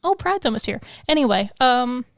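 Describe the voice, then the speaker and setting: Woman podcast co-host, higher voice, chatty and rambling, dry close studio sound. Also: very animated, normal speed, gravelly, no echo. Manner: chatty, laughs often, rambling. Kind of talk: casual podcast chat. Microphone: podcast mic on a stand.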